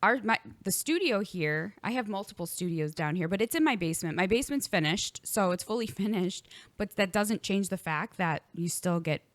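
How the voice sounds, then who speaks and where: A woman co-hosts a casual podcast chat from a home basement studio. She tells her stories with animated energy and breaks into laughter often. Her voice sits in a medium range and sounds dry and close, with no room echo. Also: mid-range voice, moderate pace. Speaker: podcast co-host.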